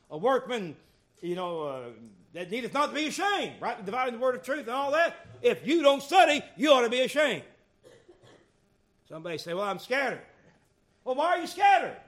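A man preaching, his voice pitched high and swooping up and down in lively arcs. He goes from quiet confiding asides to loud, emphatic calls to his congregation. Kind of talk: sermon.

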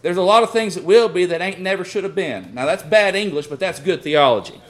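A pastor with a high, light male voice preaches to his congregation. He tells homely stories and swings between quiet asides and forceful emphasis. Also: lively intonation, fairly quick. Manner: folksy storytelling, addresses the congregation as friends. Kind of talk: sermon.

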